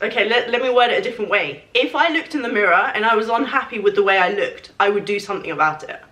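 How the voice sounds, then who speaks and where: Woman, bright voice, chatty rambling Q&A, echoey room, mic set back. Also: mid-range voice, far from the mic. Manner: chatty, rambling, with many fillers. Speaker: fitness vlogger answering questions. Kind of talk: casual Q&A chat.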